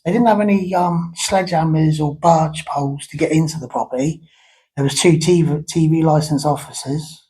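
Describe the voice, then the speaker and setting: Man, husky, slightly high, blunt casual rant, rambling storyteller. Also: a little mellow, low-quality recording. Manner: blunt, rambling, conversational storytelling with repeated words. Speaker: YouTube ranter.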